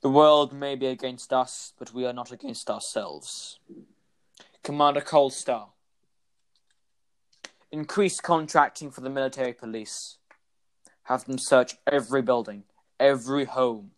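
A man voicing a calm male overlord addressing his council in a put-on robotic voice. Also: mid-range voice, unhurried, pauses often. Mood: grave. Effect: robotic voice, spoken.

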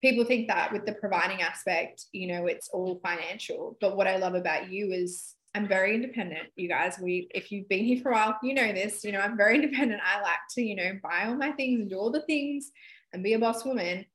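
A woman's voice: mid-range voice, a little fast, fairly bright tone, low-quality recording. Woman podcast host, thirties, candid, emotional, sweary, casual chat.

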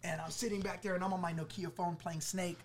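A man from the Los Angeles area telling his testimony as a podcast guest, acting out what people said to him in an animated way. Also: sits high, fast, a crowd in the background. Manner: animated, acts out quoted voices, laughing through funny parts. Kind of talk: storytelling testimony.

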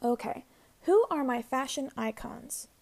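A woman's voice: sits high, animated, measured pace, creaky, darkish tone. A woman in her twenties hosting a casual solo podcast, chatty and rambling with lots of fillers. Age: 20s. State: out of breath. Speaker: podcast host.

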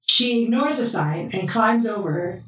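A woman co-hosting a casual chat, telling a TV drama's plot in a relaxed way with many fillers. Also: medium pitch, a little slow. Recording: echoey room, far from mic, faint music.

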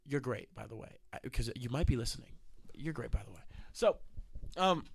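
A man with a slightly sick, raspy voice, casually telling a rambling, laughing, profane story on a studio podcast. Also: medium pitch, lively intonation, a little fast, slight background noise. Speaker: podcast host.

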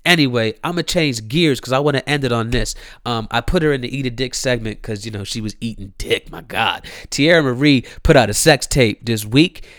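A man's voice: mid-range voice, a little fast, few pauses, a bit bright, no room sound, clean studio sound. A young man from Maryland, hosting his own show, ranting in a casual, slangy, profane way and repeating his phrases. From Columbia, Maryland. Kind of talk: casual solo rant.

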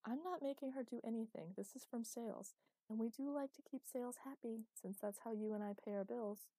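A woman voicing a brisk, businesslike female publishing boss in an audiobook, in a mellow voice. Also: on the high side, no room sound, pitched above the performer's own voice, natural voice. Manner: businesslike, dismissive.

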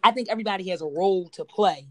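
A woman's voice: medium pitch, very fast, a bit bright, dry recording. Woman cohost, casual chat, aave, rambly storyteller, dry close sound. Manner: storytelling, rambling with many fillers. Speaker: podcast co-host.

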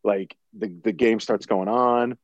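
A man's voice: fairly low pitch, steady tone, measured pace, dry recording. A man in a casual podcast chat, animatedly retelling a movie, acting out quotes and laughing often.

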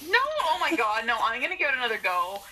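A woman's voice: fairly high pitch, big pitch swings, fast talker, bright, forceful tone, slight background noise, rough recording. A woman co-hosting a podcast, chatting playfully and laughing easily. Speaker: podcast co-host. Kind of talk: casual chat.

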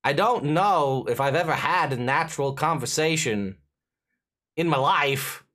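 A loud, boisterous shopkeeper in a tabletop game, pushing his wares with a raised, brighter voice, as a man puts him on. He talks up his shop with eager salesmanship. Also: fairly high pitch, expressive, unhurried. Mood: chatty.

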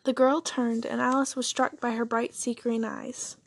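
Husky, gravelly woman reading a story. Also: fairly high pitch, little pitch movement, moderate pace. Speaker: story narrator. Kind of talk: reading a fan story aloud.

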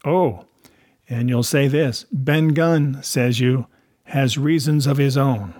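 A man voicing a half-wild marooned old sailor, cunning and anxious, speaking in rough sailor's grammar in a storybook reading. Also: mid-range voice, slow, darkish tone, dry recording, studio quality. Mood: wheedling. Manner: rustic sailor's grammar, sly and insistent.

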